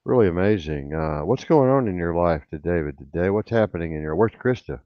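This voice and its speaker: A man hosting a casual online radio chat, excitable and rambling, bragging about the show's growth. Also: deep voice, brisk, dry recording, lo-fi sound. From rural farm upbringing. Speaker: host.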